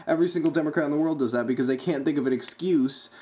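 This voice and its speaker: Halting man, dull lo-fi commentary. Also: a little high, dark tone. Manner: halting, many uh's. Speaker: video uploader commenting on a clip. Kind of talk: casual opinionated commentary.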